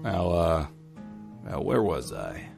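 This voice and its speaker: A man's voice: low-pitched, very animated, takes it slowly, creaky, darkish tone, husky, faint music behind, full character voice. A man playing a brash, rambling knight. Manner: rambling with many fillers, brash. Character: boisterous dim-witted male knight, brash.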